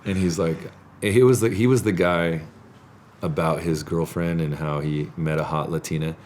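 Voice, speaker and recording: Deep-voiced man telling animated stories. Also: normal speed. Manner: animated storytelling, laughs often. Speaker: podcast host. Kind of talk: casual chat. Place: studio.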